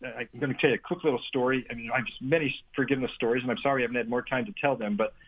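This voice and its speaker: A man's voice: medium pitch, fairly even intonation, rapid-fire, slightly rough. An older man telling a story as a guest on a talk show, earnest and full of restarts. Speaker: guest speaker on forgiveness. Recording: tinny phone line.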